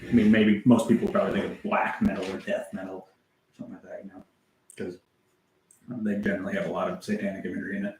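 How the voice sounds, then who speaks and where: A man's voice: low voice, little pitch movement, quick pace, a little mellow. Rambling young-sounding man in an echoey room. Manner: rambling, meandering, swears casually, answers chat. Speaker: music livestreamer. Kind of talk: rambling casual livestream chat.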